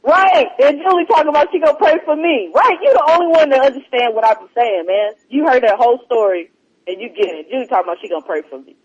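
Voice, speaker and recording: Man, podcast host, casual chat, animated and profane, husky voice, dull lo-fi audio. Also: extremely high pitch, fast talker. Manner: animated, laughing often, profane.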